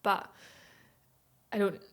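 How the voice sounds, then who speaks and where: A Scottish woman in her twenties, a podcast guest telling casual stories in an animated, chatty way and laughing often. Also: slow pace. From Scotland. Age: 20s. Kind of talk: casual chat.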